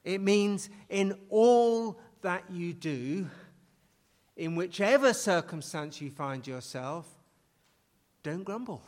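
A man's voice: sits high, animated, slow, darkish tone. A man preaching a sermon, stressing and repeating key phrases as he leads his listeners through the text. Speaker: pastor. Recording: long reverb of a large hall.

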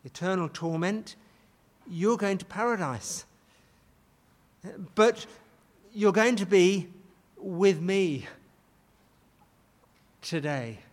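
Brief: male preacher, slow deliberate delivery, high voice, dramatic sermon in a long-reverb church hall. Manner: dramatic, acts out quoted pleas with rising intensity.

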